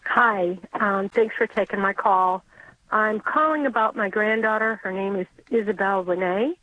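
Halting woman caller on a tinny phone line. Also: mid-range voice, dry recording. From from Connecticut. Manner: halting, searching for words. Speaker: radio caller.

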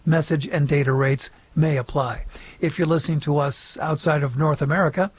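A man hosting a live call-in radio show, upbeat and clear as he reads out contact details. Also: fairly high pitch, fairly even intonation, normal speed.

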